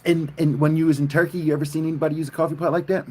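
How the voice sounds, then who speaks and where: Chatting excitably with his live-stream viewers and swearing freely, a man from South Mississippi, USA, speaks with a Southern American accent. His voice runs on the high side and he talks at a racing clip.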